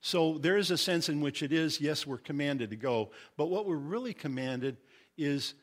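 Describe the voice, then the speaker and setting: A middle-aged man from Indiana preaching a sermon as pastor, earnest and teaching, reading scripture slowly with emphasis. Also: fairly high pitch, expressive.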